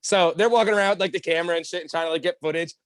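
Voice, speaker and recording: Fast-talking, profane storytelling man. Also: a little high, clean tone, no room sound, clean studio sound. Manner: fast, profane, animated storytelling with acted-out quotes. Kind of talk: casual storytelling chat.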